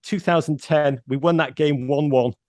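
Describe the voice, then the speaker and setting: A man's voice: a little high, fairly even intonation, moderate pace, darkish tone, dry recording, clean studio sound. A middle-aged man with a Northern English accent, chatting as a radio guest and telling stories with playful self-mockery. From north of England. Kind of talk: casual radio chat.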